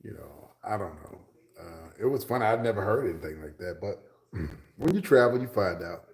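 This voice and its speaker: A very deep-voiced man rambles through a casual livestream chat, answering his viewers by name. He slips into a whisper for asides, and his voice rings in a roomy, echoey space. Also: expressive, moderate pace, creaky, darkish tone. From Texas. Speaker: livestream host.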